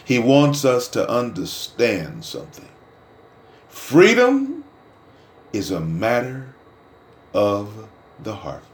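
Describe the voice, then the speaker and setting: A middle-aged man preaches with a lively, sweeping pitch, giving testimony from his own life. He falls to near-whispers and then climbs to shouted peaks. His voice rings around a roomy, echoing space. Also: slow pace, pauses often. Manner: swings between hushed murmurs and loud shouted peaks. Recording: roomy echo.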